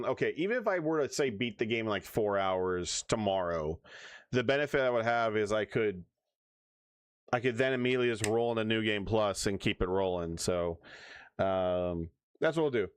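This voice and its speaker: A man's voice: lowish voice, smooth, no room sound, studio quality. A man livestreaming, chatting casually and rambling as he plans his next streams, with hiccups. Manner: rambling, restarts often, hiccups.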